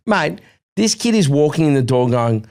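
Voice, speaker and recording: A man's voice: on the high side, moderate pace, creaky. A middle-aged Australian man, a podcast co-host, telling a long story in casual chat and acting out the quotes. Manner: animated storytelling, acts out quotes.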